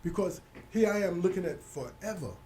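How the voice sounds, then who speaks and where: A middle-aged man, telling stories as an interview guest, animated and quick to act out other people's voices. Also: high-pitched, slight background noise. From Hollis, Queens, New York. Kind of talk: casual storytelling interview.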